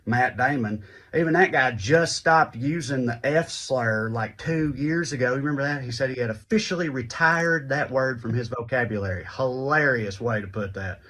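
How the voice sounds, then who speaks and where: A man's voice: medium pitch, moderate pace, few pauses, a bit bright. Sardonic Southern man doing stand-up. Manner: sardonic, mocking rant. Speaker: comedian. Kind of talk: stand-up comedy monologue.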